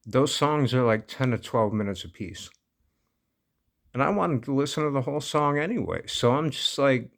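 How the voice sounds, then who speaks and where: A man's voice: mid-range voice, moderate pace, creaky. A man casually telling a personal story, laid-back and amused, often breaking into laughter. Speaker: vlogger.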